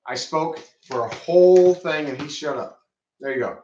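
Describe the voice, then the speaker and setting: A man's voice: a little high, normal speed, darkish tone, a little hiss or hum. Chill young guy cracking jokes on a podcast, echoey room, bit muffled. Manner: joking, laid-back comic sidekick. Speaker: podcast co-host. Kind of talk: casual wrestling review chat.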